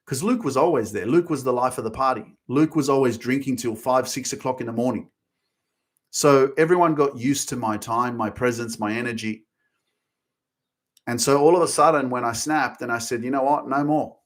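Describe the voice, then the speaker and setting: A man in his thirties delivers a fired-up motivational monologue for his podcast. His pitch sits in an ordinary middle range. He leans hard on emphasis, swears without a second thought and hammers home his points by repeating them. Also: moderate pace.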